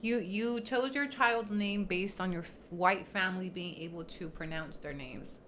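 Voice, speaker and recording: A woman's voice: fairly low pitch, moderate pace, fairly bright tone, slight background noise. A woman livestreaming in casual chat, blunt and profane, teasing and laughing often, slipping into Spanish phrases.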